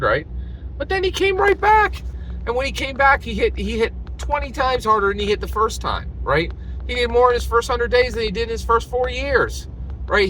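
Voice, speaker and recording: A man's voice: fairly high pitch, fairly bright tone, slight background noise, poor audio. A man commenting in a casual monologue, rambling with many restarts and fillers, tagging his points with "right?" and rising into emphatic outbursts.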